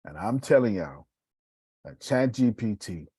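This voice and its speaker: Male motivational speaker, low husky voice, animated and preachy, dry close sound. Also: a little slow, dry recording. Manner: animated, swings between loud bursts and hushed asides. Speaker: motivational speaker on live video. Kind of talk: casual preacherly live talk.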